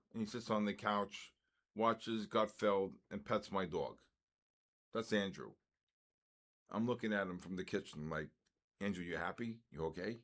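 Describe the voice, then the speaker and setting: A man's voice: lowish voice, a bit bright. A man in his early sixties hosting a live trading stream, chatting loosely with viewers and jumping between stories and market calls. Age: 60s. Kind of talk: casual live-stream chat.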